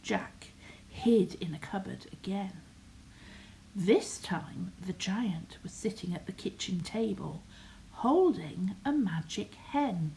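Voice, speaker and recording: An older woman reads a bedtime story aloud at a very unhurried pace. Her voice is soft, often dropping to a half-whisper, and she lingers on words. Her pitch sits in an ordinary middle range. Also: expressive, a little hiss or hum, poor audio.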